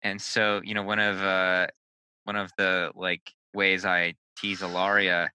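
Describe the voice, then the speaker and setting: A man's voice: sits low, little pitch movement, a little slow, sharp tone, smooth, low-quality recording. A man co-hosting a podcast in casual discussion, often stammering and repeating words as he speaks. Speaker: podcast co-host.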